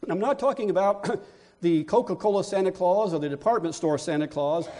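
A man's voice: high-pitched, brisk, warm tone. A male pastor preaching a sermon, building emphasis through repeated phrases.

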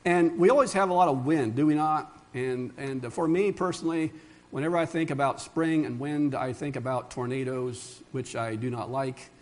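A man's voice: medium pitch, moderate pace, a little mellow. A middle-aged male pastor preaching a sermon in an earnest, conversational way, with asides and restarts.

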